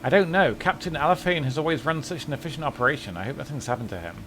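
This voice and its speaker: A man's voice: on the high side, animated, racing, a bit bright. A man voicing a frightened young woman from a video game town, stammering and pleading for help. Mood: anxious.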